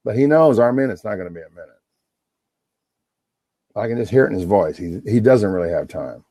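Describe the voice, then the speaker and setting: Middle-aged man, low dark husky voice, rambling and profane, dry sound. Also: lively intonation, a little fast, no echo. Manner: rambling, profane, talks over himself. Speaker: livestream host on a phone call. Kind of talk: rambling casual monologue.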